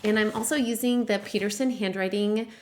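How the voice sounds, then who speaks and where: A middle-aged woman speaks to parents in an encouraging, teacherly voice of middle pitch. She models letter sounds and short handwriting chants in a sing-song way as she demonstrates. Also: steady tone, fairly quick, a little hiss or hum. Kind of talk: instructional demonstration.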